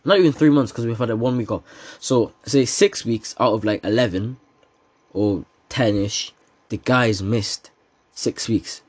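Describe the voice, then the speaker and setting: A man's voice: medium pitch, measured pace, husky. A teenage man hosting a casual solo podcast, rambling from topic to topic with slang and frequent laughter. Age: teens. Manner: rambling, joking, laughs often, slang-heavy. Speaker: podcast host.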